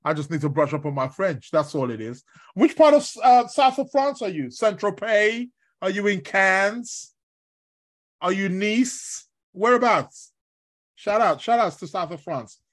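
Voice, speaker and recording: A man hosting an astrology show live from his bed while ill with covid, rambling and chatty with lots of fillers and shout-outs to listeners. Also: high-pitched, animated, measured pace. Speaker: astrology podcast host. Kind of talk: casual live-stream talk.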